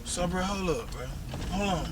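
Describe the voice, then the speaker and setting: A man's voice: sits high, lively intonation, normal speed, noisy background. A young man hosting a casual couple vlog from inside a car, talking in an incredulous, exasperated, teasing way. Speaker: vlog host, fiancé. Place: inside a car while driving.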